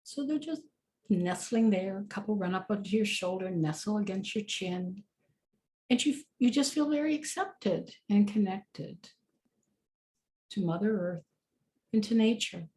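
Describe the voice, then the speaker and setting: A woman guides a meditation in a warm, mellow voice. She talks loosely and chattily and leans on fillers as she goes. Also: medium pitch, expressive, a little slow, slight background noise. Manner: casual, chatty, many fillers.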